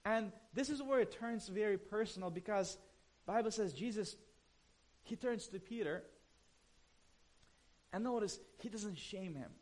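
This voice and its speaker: A male pastor delivers a sermon in a loose, conversational style. His voice sits high for a man. He drifts between hushed, tender stretches and emphatic bursts. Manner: conversational preaching, swings between soft and emphatic.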